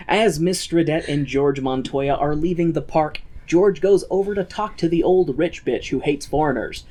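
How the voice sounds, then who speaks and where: A man's voice: a little high, normal speed, mellow. A man co-hosting a podcast, recapping a musical in casual, joking, profane chat and slipping into mocking put-on voices. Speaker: podcast co-host.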